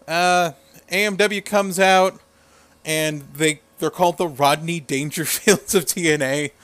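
A man's voice: fairly high pitch, steady tone, unhurried, a bit bright, smooth, no room sound. A man co-hosting a casual wrestling recap, retelling scenes with crude humor and frequent laughs. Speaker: podcast co-host.

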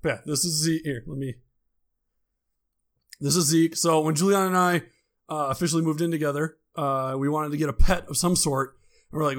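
Easygoing man with a higher voice. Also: fairly even intonation, fairly quick, long pauses, a bit bright. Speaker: podcast co-host. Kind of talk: casual chat.

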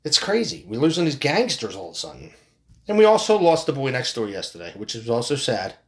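A man's voice: mid-range voice, wildly swooping pitch, fairly quick. A middle-aged man hosting a solo podcast, ranting in a profane, rambling way with frequent restarts. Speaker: podcast host.

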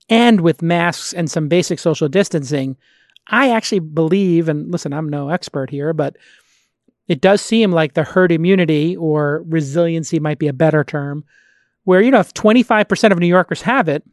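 This clip has the podcast host's voice on the high side, captured dry at studio quality. He keeps the conversation casual and chatty, thinking aloud and restarting sentences.

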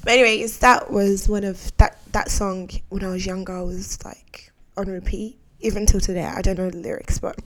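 A woman's voice: mid-range voice, steady tone, normal speed, hardly any pauses. A young adult woman hosting a podcast in casual chat, candid and heartfelt, full of slang and "like"s. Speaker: podcast host.

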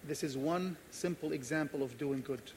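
A man from Jordan preaches to his congregation, his voice pitched a little high for a man. He tells a personal story with animation and acts out the voices in it. Faint background noise is heard under him. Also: normal speed, darkish tone. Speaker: pastor.

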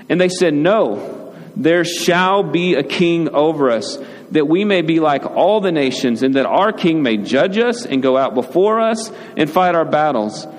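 A man's voice: on the high side, lively intonation, normal speed. A man, a father, preaching a conversational sermon as pastor, often checking in with "right?" and acting out short quoted lines. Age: adult, father. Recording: reverberant hall with faint ambient noise.

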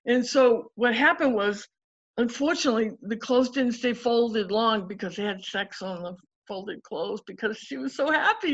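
Woman guest, coaching type, chatty storyteller, higher voice, muffled lo-fi sound. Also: normal speed. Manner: animated, acts out quotes of clients. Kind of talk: casual storytelling interview.

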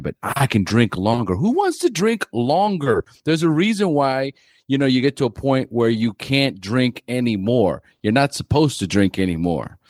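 A man's voice: lowish voice, a little mellow, dry recording, studio quality. A middle-aged man hosting a podcast, talking earnestly and relating his own experience to his guest's. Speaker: podcast host. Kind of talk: casual conversation.

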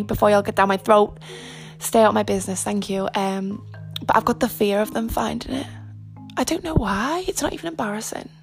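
A woman's voice: medium pitch, creaky. A young woman hosting a podcast, talking in a frank, rambling, casual way full of fillers and asides. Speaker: podcast host. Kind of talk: casual chat.

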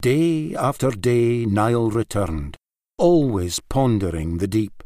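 Male narrator for a rhymed storybook, slow and melodic, dry close-miked read. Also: on the low side, no room sound. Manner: expressive, lilting verse reading.

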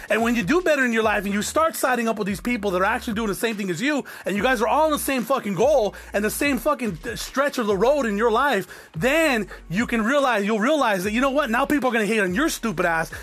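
A man's voice: very high-pitched, a bit bright. A man hosting a podcast, ranting bluntly with constant swearing and stammered repeats. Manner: blunt, swearing often, repeats words when worked up. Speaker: podcast host. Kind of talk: profane ranting monologue.

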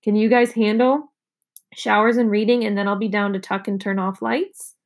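A woman's voice: medium pitch, little pitch movement, normal speed, close to an everyday voice. A woman reading aloud, voicing a tired, worried mother who speaks in a firm, weary way.

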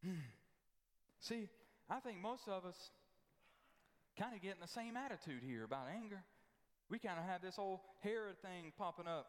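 A man's voice: sits high, expressive, normal speed, long pauses. A man, a pastor, preaching a sermon in a folksy, emphatic way, repeating his points. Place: church sanctuary. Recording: long church hall reverb.

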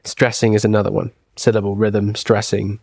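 A man's voice: lowish voice, level tone, normal speed, creaky, darkish tone, dry recording, studio quality. A man, co-hosting a podcast in casual chat, rambling enthusiastically with many asides and restarts. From England. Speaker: podcast co-host.

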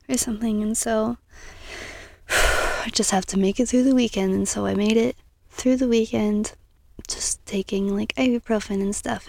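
A young woman hosting a casual self-help podcast, earnest and encouraging, sometimes dropping into soft whispery asides. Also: mid-range voice, creaky, no room sound. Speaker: podcast host.

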